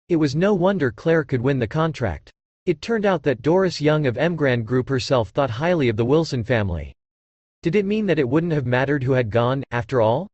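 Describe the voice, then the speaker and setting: A man reads an audiobook aloud in a steady, scripted way. His voice sits fairly high with lively rises and falls, recorded dry and close. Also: no echo. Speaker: audiobook narrator. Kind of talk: scripted narration.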